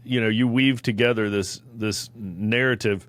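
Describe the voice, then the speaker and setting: Low-voiced male host, enthusiastic. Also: fairly even intonation, unhurried, fairly bright tone, dry recording. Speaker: podcast host. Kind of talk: conversational interview.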